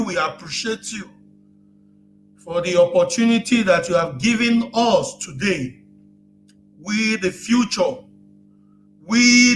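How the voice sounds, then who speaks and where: A man's voice: sits high, bright, forceful tone. A man leading an earnest spoken prayer at a meeting, thanking and praising in repeated phrases.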